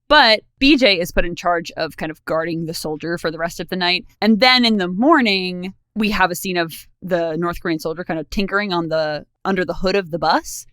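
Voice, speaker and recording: A woman's voice: lowish voice, brisk, few pauses, clear, resonant tone, no echo. A woman co-hosting a podcast, chatting casually about a TV episode with frequent giggles. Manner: giggly, relaxed, trails off with fillers. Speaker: podcast co-host. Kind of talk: casual chat recapping a TV episode.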